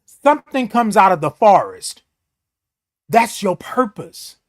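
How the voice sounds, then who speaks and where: A man's voice: high voice, big pitch swings, slow pace. A man hosting a motivational morning talk, preaching self-worth with repetition and playful beeping sounds. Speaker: host. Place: seated in a chair.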